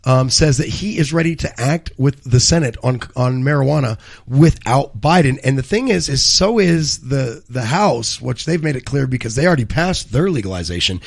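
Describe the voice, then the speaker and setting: Casual male co-host, gravelly voice, wanders off track and swears freely. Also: medium pitch, animated, normal speed. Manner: rambling, profane, self-correcting. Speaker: co-host of a live cannabis news show. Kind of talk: casual live show banter and news commentary.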